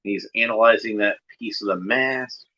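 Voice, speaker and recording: A man hosts a watchalong, talking casually over a cartoon. He is chatty and enthusiastic, with quick offhand asides. His voice is bright, and the recording is dull and lo-fi. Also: lowish voice. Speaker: watchalong host.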